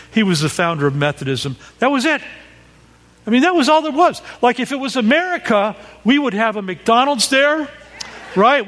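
A man's voice: sits high, a bit bright. A man preaching a sermon, telling a personal story with asides to the audience and acting out the cries he quotes. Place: large hall with audience. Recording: long hall reverb.

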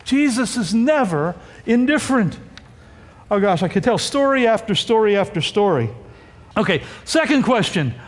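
A man preaching a sermon as a pastor, in a lively conversational manner with frequent rhetorical asides to the congregation. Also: high-pitched, normal speed. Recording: long hall reverb.

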